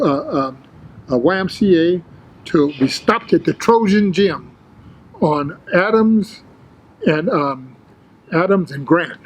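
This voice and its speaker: Animated older man spinning a story. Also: high-pitched, breathy edge, low-quality recording. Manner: animated storyteller, acts out quotes, street slang. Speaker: interview guest, former bodybuilder. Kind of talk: casual storytelling interview.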